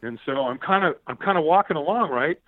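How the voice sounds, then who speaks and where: A man telling an animated story as a podcast guest, often repeating words and acting out the shouts he quotes. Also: on the high side, brisk, dry recording. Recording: tinny phone-like line, dry.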